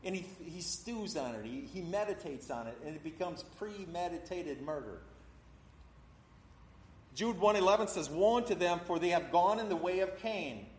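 A man's voice: high voice, a little hiss or hum. A middle-aged man preaching a sermon to a congregation, acting out the voices of people in his stories as he teaches. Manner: acts out voices in quotes, talks with a congregation. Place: church hall. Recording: echoey hall.

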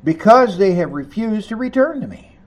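A man preaching a sermon, reading scripture aloud and commenting on it, rising to loud emphasis on key lines. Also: high voice, sing-song, normal speed. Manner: reads scripture aloud and comments between passages.

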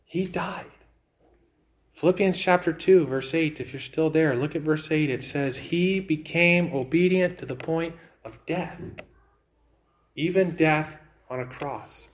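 A man preaching a sermon in an earnest way, repeating words and swinging between raised and hushed delivery. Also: on the high side, measured pace.

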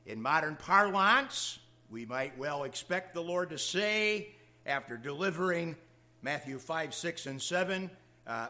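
A man's voice: fairly high pitch, animated, measured pace, bright, forceful tone. A man preaching a sermon to his congregation, with dramatic rises of emphasis in a preaching cadence. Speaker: pastor.

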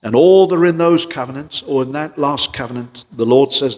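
A man preaches with earnest conviction, firing off rhetorical questions and then dropping to quieter passages. His mid-pitched voice carries a long reverb that trails after each phrase, as in a large church. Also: steady tone, fairly quick, hardly any pauses. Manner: earnest, rising and falling emphasis with rhetorical questions. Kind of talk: sermon.

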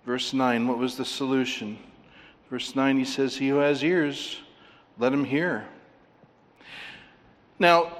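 A man preaching a sermon as a pastor, earnest, repeating phrases for emphasis. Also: medium pitch. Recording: long reverb of a hall.

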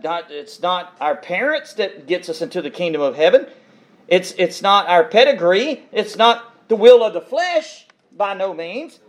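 A man's voice: high voice, animated, a little slow. A man preaching an expository sermon, reading scripture verses aloud and then explaining them with emphatic repetition.

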